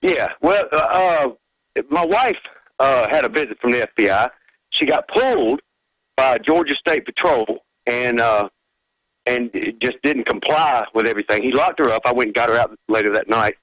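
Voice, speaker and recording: A man calls in to a radio show. He talks in a chatty, rambling way, and his pitch moves a lot. The sound is dry. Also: lively intonation, normal speed, a bit bright, no echo, rough recording. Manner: chatty and rambling, with many fillers. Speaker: caller. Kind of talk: phone-in call to a radio show.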